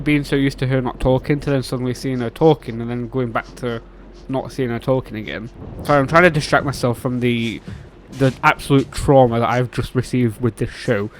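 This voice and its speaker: A man hosting a reaction video, excitable, swinging between shouts and mutters as he reacts to a series. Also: medium pitch, slight background noise.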